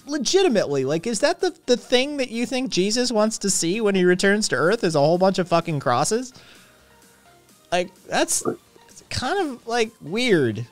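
A man's voice: high-pitched, very animated, normal speed, faint music behind. A man hosting, sarcastic and profane. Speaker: stream host. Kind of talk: casual chat.

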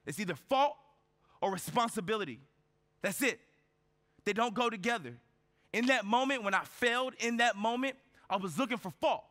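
Male keynote speaker, high bright voice, storytelling style, lots of rhetorical questions. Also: expressive, moderate pace, long pauses. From United States. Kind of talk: motivational keynote speech. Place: large event hall on stage. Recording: reverberant conference hall.

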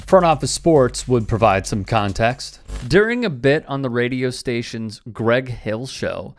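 A man's voice: mid-range voice, expressive, a little slow, no room sound. A man hosting a sports news commentary, delivering a scripted segment with a wry, pointed tone. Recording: faint music bed behind.

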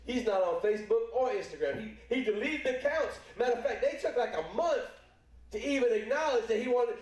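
A man's voice: extremely high pitch, expressive, fairly quick, darkish tone, distant mic. A middle-aged man preaching a sermon in a church, folksy and playful, acting out little voices as he speaks. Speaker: pastor. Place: church sanctuary. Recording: echoey church hall, speaker away from mic.

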